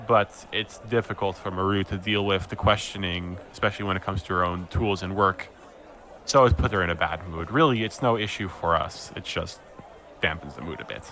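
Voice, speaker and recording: A man's voice: low voice, brisk, bright, forceful tone, a little hiss or hum. A man voicing a friendly, nervous male half-orc carpenter who speaks in an apologetic, slightly awkward way. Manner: apologetic, easygoing, a bit awkward.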